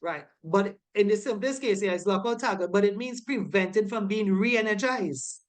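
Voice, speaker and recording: A woman's voice: mid-range voice, normal speed. Lady instructor going over quiz answers, emphatic, keeps asking right?. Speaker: safety course instructor.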